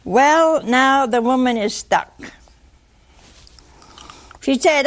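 An older woman giving a sermon, telling the story in a lively way, acting out voices and asking her listeners questions. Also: high-pitched, drawn-out words. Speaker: preacher.

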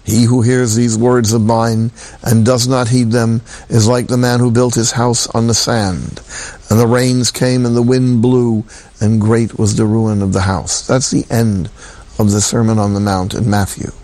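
An older male priest delivers a sermon at an unhurried pace. His talk is plain and folksy, with emphatic repeats and quoted scripture. His voice sits at an ordinary middle pitch. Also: flat delivery, a little mellow, dry recording.

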